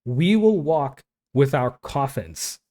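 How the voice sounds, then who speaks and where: A man talks through a topic in loose, heated commentary, dropping in "man" and "dude" as he goes. His voice sits at an ordinary middle pitch, and the delivery stays conversational and passionate. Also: lively intonation, slow pace, warm tone. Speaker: online Christian commentator. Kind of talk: casual commentary, reading quotes aloud.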